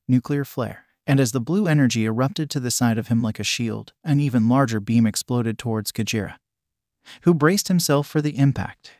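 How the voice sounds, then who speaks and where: A man reading an action fan story aloud in steady, scripted storytelling. His voice sits at a middle pitch for a man, recorded dry and close with no room sound. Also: dry recording. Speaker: narrator.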